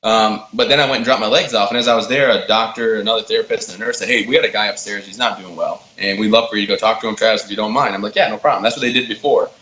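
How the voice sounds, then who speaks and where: Guy guesting on a podcast, talks fast, acts out quotes in his stories, roomy kinda dull sound. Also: lowish voice. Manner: animated, quick storyteller acting out quotes. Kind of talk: casual storytelling. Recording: roomy, slightly dull sound with faint ambience.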